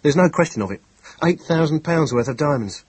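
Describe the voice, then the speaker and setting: A calm, efficient police inspector from a classic detective story, as a male reader puts him on. His voice sits a little higher and firmer than the narration, quiet but crisp and decisive. There is a faint edge of contempt under his clear, husky delivery. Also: fairly quick, no room sound, low-quality recording. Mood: calm, matter-of-fact.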